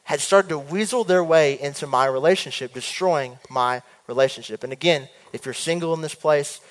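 A young preacher tells a story in a lively, chatty way and slips into quoted voices. His voice sits a little high for a man. It rings with the long reverb of a big hall. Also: normal speed. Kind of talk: storytelling sermon.

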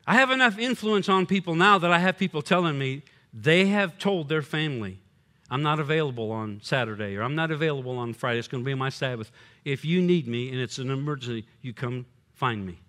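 An older man, a pastor preaching a sermon, swinging between loud punchy lines and quiet low drops. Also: animated, a little fast.

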